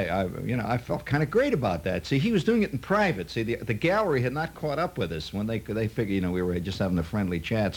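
Low husky guy rambling through a story, chatty asides, voice bouncing all over. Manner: chatty, full of "see" and "you know" asides. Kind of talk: rambling anecdote.

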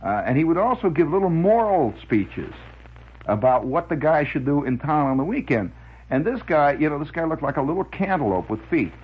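Husky man telling rambling radio stories. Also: a little high, a little fast, phone-quality sound. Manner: lively, chuckling, full of filler "uh"s. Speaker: radio monologist. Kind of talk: rambling storytelling monologue.

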